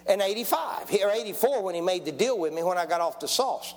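A man's voice: high-pitched, animated, fast. A man, preaching a testimony sermon in a folksy storytelling way and calling for amens. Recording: long church hall reverb.

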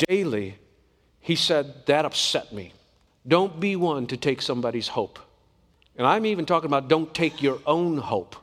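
A man's voice: a little high, big-room sound. A man preaching a sermon in an earnest, conversational way, often asking the congregation questions.

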